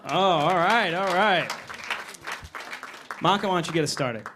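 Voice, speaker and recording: Guy emceeing a comedy contest, highish voice, hyping crowd, loud room. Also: expressive, a little slow, background noise. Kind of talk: introducing acts.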